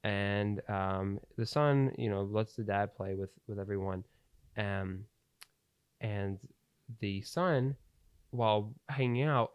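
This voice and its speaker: Rambling low-voiced podcast host. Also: male voice, a little mellow, dry recording. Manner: rambling, lots of fillers and restarts. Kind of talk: casual storytelling. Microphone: studio podcast mic.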